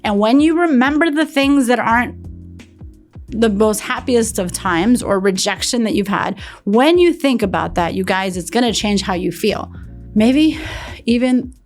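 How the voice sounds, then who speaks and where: A woman's voice: on the high side, animated, a little slow. Middle-aged woman host, earnest and preachy motivational talk, faint music underneath. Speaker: podcast host.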